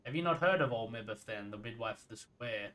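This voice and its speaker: A man's voice: medium pitch, lively intonation, a little fast, fairly bright tone, close to an everyday voice, poor audio. A man reading out a sly grumpy old midwife. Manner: folksy archaic talk, reads lines aloud. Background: game music.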